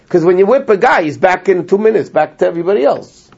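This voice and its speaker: A man teaching a small class, retelling a story with lively energy and translating as he goes. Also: high voice, quick pace, gravelly, breathy edge. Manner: animated storyteller, translating line by line, laughs often. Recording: lo-fi dull sound.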